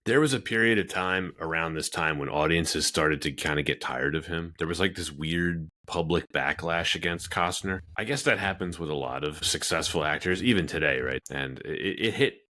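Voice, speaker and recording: A man with a very low voice and a bright, forceful tone hosts a casual film review podcast. He talks in long, animated runs and leans hard on his points. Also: normal speed, few pauses. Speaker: podcast host.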